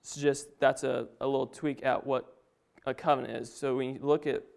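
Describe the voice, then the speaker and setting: A man's voice: mid-range voice, level tone, moderate pace, creaky, darkish tone. A young man giving an informal Bible talk to his family, a little nervous, with casual asides and chuckles. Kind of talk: informal sermon.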